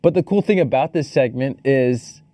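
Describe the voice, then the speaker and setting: Male co-host, relaxed mellow tone, dry close sound, casual animated movie talk. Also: mid-range voice, moderate pace, no room sound. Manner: animated, joking, swears casually. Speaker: podcast co-host. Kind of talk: casual movie review chat.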